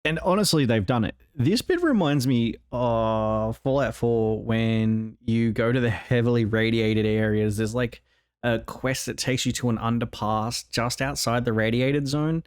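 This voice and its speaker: A man with an Australian accent, excitedly breaking down a game trailer and rambling with lots of "like". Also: medium pitch, measured pace, clean tone, dry recording, clean studio sound. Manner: enthusiastic, rambling, fond of "like". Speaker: gaming video host.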